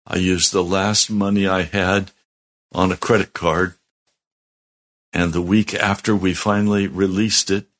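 A man's voice: low voice, level tone, measured pace, a bit bright. A middle-aged man, a pastor, telling his testimony in a sermon, earnest and heartfelt with strong emphasis.

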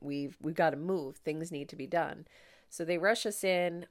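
Woman host, low voice, candid and emotional storytelling, chatty with fillers. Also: darkish tone. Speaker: podcast host. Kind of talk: personal storytelling.

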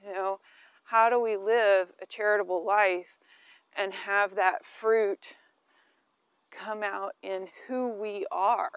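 A woman with a smooth, clear voice speaks slowly and carefully about faith and love, pausing on fillers. She is a little out of breath from walking outdoors. The sound is dry and close. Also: mid-range voice, steady tone, no echo, poor audio. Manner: slow and thoughtful, with fillers and soft laughs. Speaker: co-host. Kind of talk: casual faith chat.

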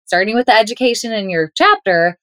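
A woman's voice: mid-range voice, sing-song, fairly quick, fairly bright tone, no echo, studio quality. A woman guest on a podcast interview, talking in an upbeat, playful way. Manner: upbeat, playful, laughs often. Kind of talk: interview, conversational.

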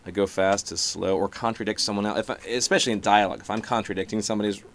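Animated man with a low voice. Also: racing, vocal fry, a little hiss or hum. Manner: animated, shifts pace and loudness to illustrate rhythm; profane, conversational. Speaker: guest comedian and musician. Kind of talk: casual podcast conversation.

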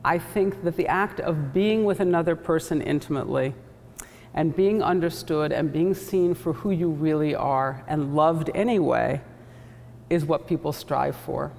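A woman author with a measured, thoughtful delivery, reading from her novel and reflecting on it. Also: low-pitched, creaky, a little mellow. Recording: echoey hall, faint background noise.

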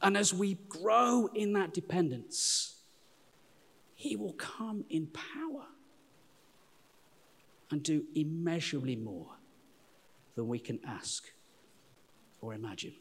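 A middle-aged man preaching a sermon, animated and chatty, often calling listeners "folks". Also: on the high side, takes it slowly, long pauses, husky. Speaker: pastor. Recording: long hall reverb.

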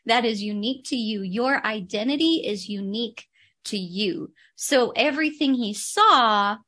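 A woman's voice: a little high, measured pace, pushed and bright. A woman guest who coaches on personal branding, speaking emphatically and repeating her key points to stress them. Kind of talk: interview conversation.

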